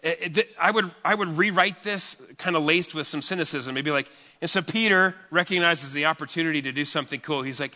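A man's voice: on the high side, brisk, few pauses, bright, forceful tone, big-room sound. A man preaching a sermon as pastor, talking in a conversational, joking way and often restarting his sentences.

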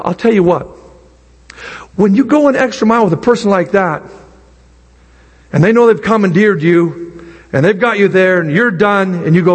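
Husky high-voiced man preaching in a hall. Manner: animated, drawn-out emphatic preaching with acted asides. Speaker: pastor. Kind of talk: sermon. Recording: long hall reverb.

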